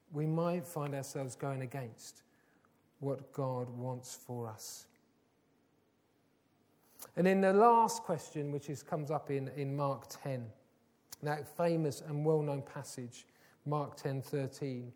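A man with a fairly high-pitched, dark voice preaches a sermon earnestly, building toward emphatic, repeated phrases.

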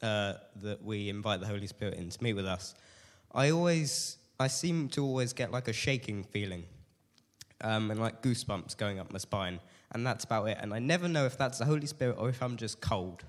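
A man's voice: on the low side, expressive, a little fast, in a large hall. Teenage guy with a cold. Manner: nervous, self-deprecating, hesitant with many fillers. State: has a cold. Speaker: speaker giving a testimony. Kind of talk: personal testimony to a church group.

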